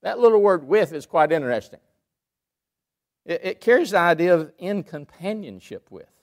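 A man delivers a sermon in a church. His voice sits a little high for a man. He preaches emphatically, climbing to loud peaks and then dropping to hushed asides. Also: big pitch swings, moderate pace. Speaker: pastor. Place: church sanctuary.

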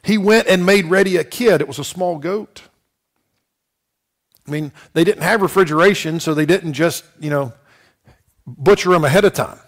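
A man teaching a Bible class in a folksy, conversational way, asking his listeners questions and reading scripture slowly. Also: a little high. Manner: reads scripture slowly and deliberately.

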